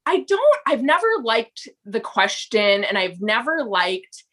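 Woman with a Minnesota accent, high bright voice, lively pitch, giggly, interview guest. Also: slow. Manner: giggly, animated. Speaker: guest, author. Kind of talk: casual interview.

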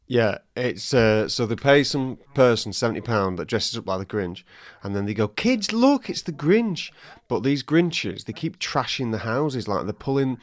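A man's voice: lowish voice, normal speed, no echo. Male podcast co-host, playful teasing banter, dry close mic. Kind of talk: casual chat.

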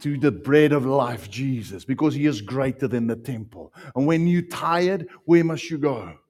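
A South African man preaching a sermon with passion, swinging from loud outbursts to hushed lines. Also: mid-range voice, animated, moderate pace. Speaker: pastor.

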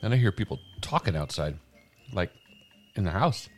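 A man co-hosting a podcast, tossing in quick deadpan quips during casual chat. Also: sits low, soft background music.

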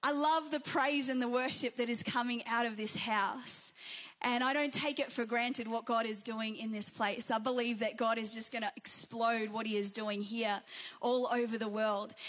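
A woman delivers a church sermon in a high, bright register. She preaches with fervour, stacking repeated phrases into a rising, rhythmic cadence. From Australia and New Zealand. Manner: fervent, repetitive preaching cadence.

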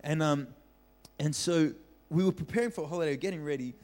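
Young man, pastor, storytelling sermon, animated, slightly high voice, long hall reverb. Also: fairly quick. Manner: animated storyteller, acts out voices, laughs often.

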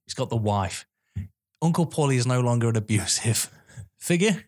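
A young man co-hosting a podcast, chatting about films in an animated, swearing, laughing way. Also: medium pitch, normal speed. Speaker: podcast co-host. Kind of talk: casual film chat.

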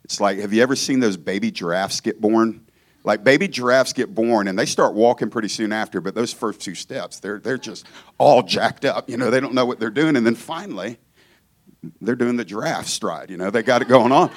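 A guest preacher from Georgia gives a casual sermon at a church, joking and talking conversationally while repeatedly stopping to restart what he's saying. His pitch is fairly low and his speed is normal.

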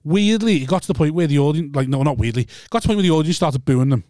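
A man's voice: on the high side, expressive, racing, a little mellow, dry recording, studio quality. A man, a stand-up comedian, teasing his co-host and telling rambling anecdotes in casual podcast chat.

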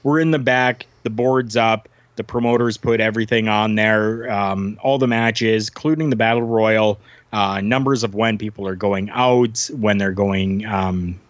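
A man's voice: on the low side, fairly even intonation, a little slow, no room sound. A man from Canada, a former wrestler, telling a story as a guest in a casual chat, full of fillers and restarts. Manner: rambling, many fillers and restarts. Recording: dull lo-fi sound.

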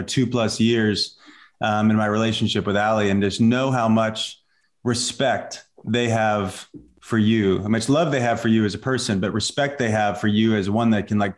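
A man from Southern Illinois hosting a podcast, asking questions in a halting, word-searching way. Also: on the low side. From Southern Illinois, USA. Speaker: podcast host. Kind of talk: casual interview chat.

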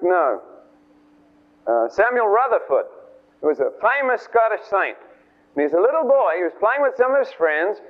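A man preaching an informal sermon, telling a story and acting out the voices of its figures in a chatty, animated way. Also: sits high. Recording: tinny lo-fi radio broadcast.

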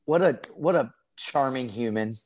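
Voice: mid-range voice, lively intonation, moderate pace, darkish tone. A podcast co-host chatting casually and laughing often, gushing in mock admiration.

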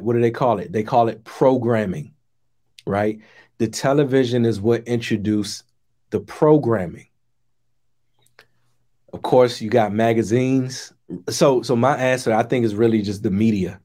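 Middle-aged man, stream host, loose conversational delivery, even mid pitch. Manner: conversational, rambling with restarts and asides to viewers. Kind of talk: casual spoken commentary.

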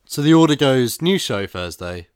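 A man's voice: medium pitch, very animated, moderate pace, darkish tone, clear, resonant tone, no echo. A man co-hosting a podcast with a stuffy nose and head cold, chatting casually with dry, self-mocking banter. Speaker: podcast co-host. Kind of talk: casual chat.

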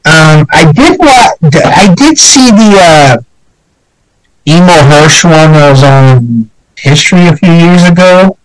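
A man's voice: on the high side, lively intonation, dry recording, low-quality recording. Dry-voiced male podcast host with the flu. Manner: halting, many fillers and restarts. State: fighting the flu. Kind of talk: casual chat.

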